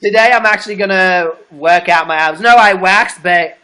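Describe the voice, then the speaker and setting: Gossipy young man with a bright voice. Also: sits high, normal speed. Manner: gossipy, giggly, camp. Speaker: host. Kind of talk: casual livestream chat.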